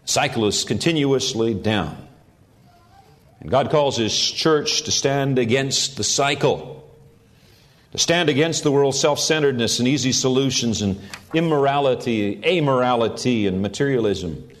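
Middle-aged man, pastor, earnest sermon delivery, mid-pitched. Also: animated, a little slow. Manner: earnest preaching with rising emphasis on key phrases.

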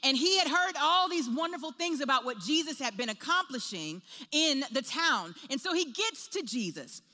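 A woman preaching a sermon, telling a personal story in an animated way and acting out the voices in her quotes. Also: high voice, normal speed, big-room sound.

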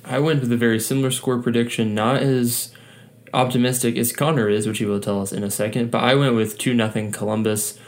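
A man co-hosting a casual sports podcast, talking in a relaxed, easygoing way. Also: medium pitch, brisk. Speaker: podcast co-host.

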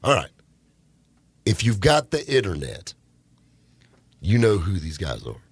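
A man hosts a car talk radio show from the studio, joking and bantering with his guests. His voice sits low and a little husky, with a lively, bouncing pitch. The dry, close studio sound keeps him right up front. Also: a little slow, no room sound. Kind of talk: casual studio radio chat.

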